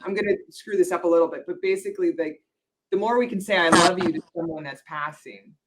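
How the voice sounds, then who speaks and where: A woman's voice: lowish voice, fast talker, background noise. A woman veterinarian hosting an interview, talking casually and rambling, correcting herself often with lots of fillers. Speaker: veterinarian host.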